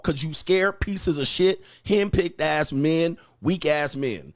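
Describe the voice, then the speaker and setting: A man's voice: fairly high pitch, slow, hardly any pauses, no echo, clean studio sound. A man giving blunt, crude relationship advice in a mocking, preachy rant, answering viewer comments. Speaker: dating advice host.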